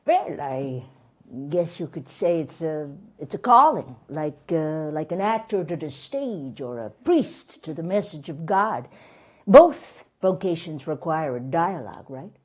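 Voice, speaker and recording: A woman's voice: sits low, very animated, unhurried, full character voice. Woman playing a smarmy middle-aged male guru. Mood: smug. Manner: smarmy, flirtatious, giggly. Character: lecherous fifty-year-old male European colon guru. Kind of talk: stage comedy sketch.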